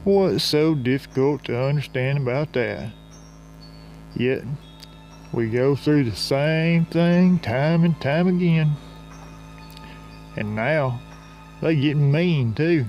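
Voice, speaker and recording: Slow, folksy man narrating a comic story. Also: fairly high pitch, highs cut off, soft background music. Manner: folksy rural slang, drawling and unhurried.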